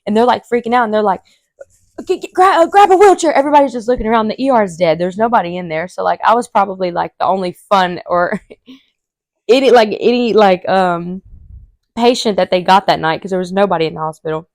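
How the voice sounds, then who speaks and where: A woman, a podcast host telling a story casually and animatedly, acting out quotes in a high voice. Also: brisk, no echo, studio quality.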